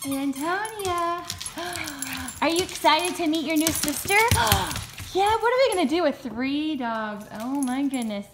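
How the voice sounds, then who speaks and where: High-voiced woman cooing to her dogs. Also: lively intonation, a little slow, fairly bright tone, a little hiss or hum. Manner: sing-song, cooing pet talk. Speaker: vlogger with a guide dog. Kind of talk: casual talk to her dogs. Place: at home.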